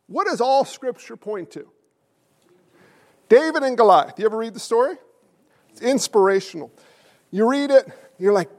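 A male pastor delivering a sermon in a strikingly high voice. He presses his points with loud emphasis, drops to hushed asides, and keeps asking the congregation questions. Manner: swings between loud stresses and hushed asides.

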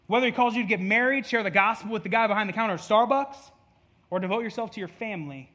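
A man's voice: sits high, pushed and bright. A male pastor giving a conversational sermon, with jokey asides and acted-out quotes, in a church.

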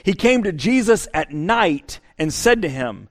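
A man's voice: high voice, sing-song, unhurried, hardly any pauses. A pastor preaching a conversational sermon, often repeating words as he restarts his sentences.

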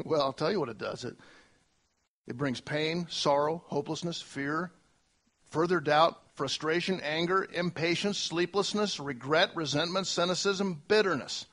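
A man preaching a sermon to a church congregation, emphatic, with long spoken lists and big swings between loud and soft. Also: fairly high pitch, moderate pace. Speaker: pastor.

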